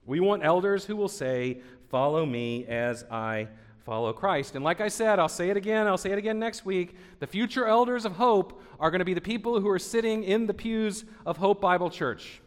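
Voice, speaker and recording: A man's voice: high voice, expressive, moderate pace. A man in his forties, a pastor, preaching an earnest sermon, often repeating himself and building to emphatic peaks. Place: church sanctuary. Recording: long church hall reverb.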